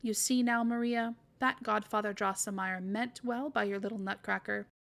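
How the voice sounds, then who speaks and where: A woman voicing a gentle, worried mother who speaks softly and earnestly in a read-aloud storybook. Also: medium pitch, steady tone, normal speed, gravelly.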